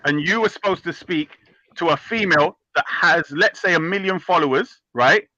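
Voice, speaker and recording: Man, online debate host, brash, mocking, sharp bright voice, muffled call audio. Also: on the high side, normal speed, dry recording. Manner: brash and mocking, talks over others. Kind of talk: heated debate chat.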